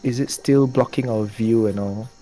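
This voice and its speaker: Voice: medium pitch, normal speed, over a noisy crowd, low-quality recording. A player in a tabletop game asking the game master questions hesitantly, often repeating words.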